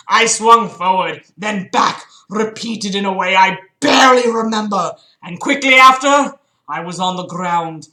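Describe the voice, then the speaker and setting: A woman's voice: medium pitch, pushed and bright, echoey room. A woman reading a book aloud on a livestream, breaking off often to mock it with sarcastic, laughing, sweary commentary. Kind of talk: mocking read-aloud with commentary.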